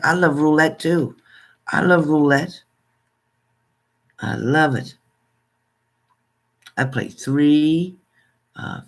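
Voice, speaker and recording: Older male livestream host, chatty and familiar, reads viewer names off and thanks each one. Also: medium pitch. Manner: chatty, thanks viewers by name, calls them hon. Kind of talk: casual livestream chat with viewers.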